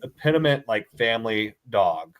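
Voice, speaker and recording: A man's voice: on the low side, unhurried. A man, co-hosting a casual podcast chat as a dad who leans on 'like' and acts out quotes. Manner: animated, heavy filler 'like', mimics voices in quotes. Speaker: podcast co-host; father.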